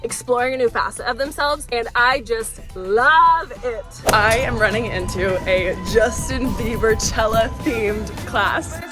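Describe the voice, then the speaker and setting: A woman's voice: a little high, a little slow, few pauses, music in the background. Chatty woman telling a story. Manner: chatty, animated storytelling with frequent fillers. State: sweaty after a workout class. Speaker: vlogger. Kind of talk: casual storytime vlog.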